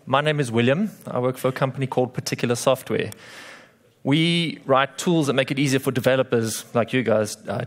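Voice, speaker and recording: A man with a South African accent giving a conference talk to a room of developers, with dry, self-deprecating jokes. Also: mid-range voice. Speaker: conference speaker.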